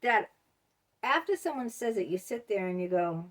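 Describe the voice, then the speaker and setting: A woman's voice: mid-range voice, big pitch swings, moderate pace, a bit bright. A woman vlogger talking casually to camera, rambling with many ums and you-knows.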